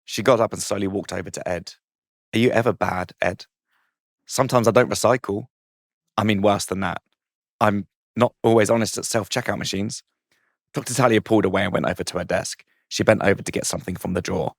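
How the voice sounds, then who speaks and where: A man reads out a comic story in a playful, mischievous way, laughing at his own lines. His voice sits a little low. The sound is dry and close to the mic. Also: steady tone, a little fast, creaky, dry recording. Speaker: comedian guest reading his story. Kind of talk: comic reading of a saucy story.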